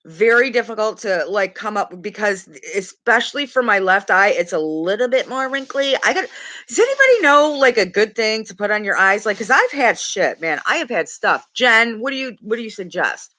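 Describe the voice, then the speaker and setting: Middle-aged woman, makeup streamer, bright voice, casual rambling chatter. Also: medium pitch, animated, moderate pace. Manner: chatty, rambling, laughs often, swears casually. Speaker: makeup livestream host. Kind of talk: casual livestream chat reading comments.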